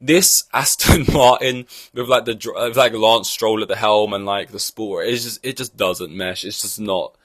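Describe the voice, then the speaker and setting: A man's voice: fairly low pitch, moderate pace, hardly any pauses, fairly bright tone, no echo, clean studio sound. A man hosting a podcast, giving blunt, profane opinions in a rambling, casual way. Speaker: podcast host. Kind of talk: casual ranting podcast chat.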